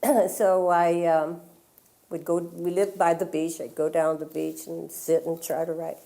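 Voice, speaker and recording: A woman's voice: fairly low pitch, flat delivery, a little slow, dark tone. An older woman, an author, telling a personal story to a library audience in a conversational way, acting out the lines of others as she goes. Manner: conversational, quotes others in dialogue, many fillers. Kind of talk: storytelling at a public talk. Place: public library, in front of an audience.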